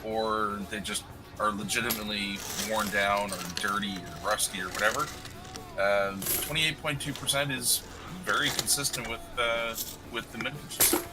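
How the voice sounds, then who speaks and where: Poor audio captures this Canadian livestream host speaking at a fairly low pitch, steady and moderately paced. He walks through numbers methodically and pokes fun at himself.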